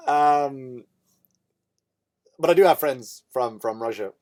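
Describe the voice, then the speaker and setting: A man's voice: medium pitch, moderate pace, a little mellow. Irish male comedian, podcast host, rambling profane storyteller. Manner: rambling, profane, self-interrupting.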